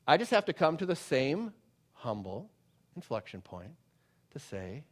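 A middle-aged male pastor preaching a sermon, swinging from loud emphatic declarations to hushed, soft pleading. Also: a little high, very animated, moderate pace, long pauses.

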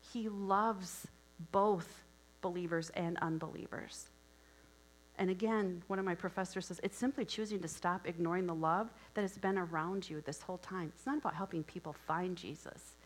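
A woman's voice: lowish voice, fairly even intonation, moderate pace, poor audio. A woman from Wisconsin giving a sermon, telling a story conversationally with asides and questions to listeners. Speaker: preacher.

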